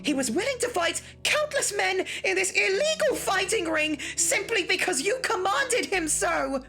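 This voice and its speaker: A reader voicing a formal, polite young female knight with fangs who turns hissing and furious, in a visual novel reading with soft music under it. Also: sits high, normal speed, pitched above the performer's own voice. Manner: formal, stiff speech, erupting into hissing fury.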